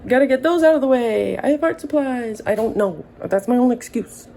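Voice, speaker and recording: A woman in her early thirties speaks in a relaxed, warm tone with plenty of vocal fry. She drifts through a casual monologue, wandering off on tangents with dry, self-mocking humor and the odd curse. A faint hum sits behind her. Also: fairly high pitch, fairly quick, rough recording. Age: early 30s. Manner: rambling, tangent-prone, wry and profane. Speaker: vlogger.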